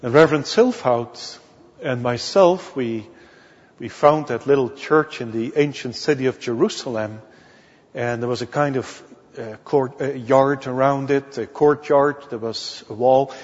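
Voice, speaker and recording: A male minister from the Netherlands, preaching a sermon in slow, deliberate storytelling that leans on key words. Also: medium pitch. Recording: dull audio with long hall reverb.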